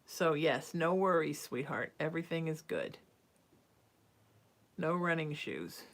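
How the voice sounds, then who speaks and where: A woman's voice: low-pitched, expressive, a little slow. A woman hosting a casual live-stream as a psychic medium, reassuring and calling listeners sweetheart and honey. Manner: casual and chatty, with soft fillers.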